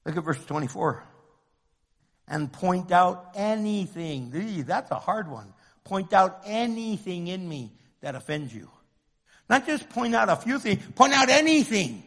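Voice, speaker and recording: A man preaching a sermon, swinging from hushed to loud and impassioned. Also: sits high, sing-song, a little slow. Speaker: pastor. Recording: long hall reverb.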